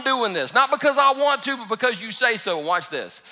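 Bright high-voiced animated preacher man. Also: brisk, few pauses. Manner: animated, emphatic, humorous storytelling. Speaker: pastor. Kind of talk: sermon.

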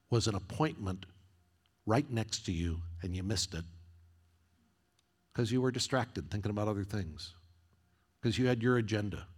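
A middle-aged man preaching a sermon, telling a story and then building to an impassioned call to his listeners. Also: on the low side. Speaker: pastor.

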